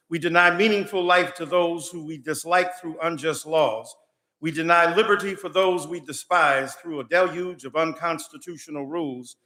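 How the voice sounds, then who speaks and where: A man's voice: fairly high pitch, bright, forceful tone. A man serving as guest chaplain, delivering an oratorical prayer to a legislative chamber in a rhythmic preacher's cadence with building repetitions. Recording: echoey chamber through PA.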